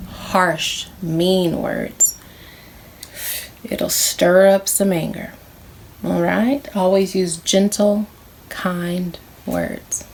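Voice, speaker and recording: A woman teaching preschoolers, speaking in a slow, sing-song, encouraging way and repeating words clearly for small children. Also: on the low side, slight background noise. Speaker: pre-K teacher.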